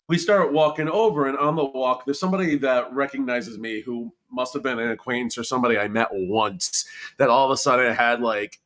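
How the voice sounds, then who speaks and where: A man co-hosting a podcast, telling a night-out story with lots of laughter. His voice sits at an everyday middle pitch. He talks loosely and jumps in over his partner. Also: fairly even intonation, fairly quick, fairly bright tone. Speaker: podcast co-host. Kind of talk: casual storytelling chat.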